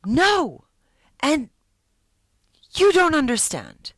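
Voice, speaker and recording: Troubled teen boy, voiced by a woman: slow, earnest, close and dry. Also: sits low, expressive, no room sound. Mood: defiant. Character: troubled teenage boy, angry and lonely.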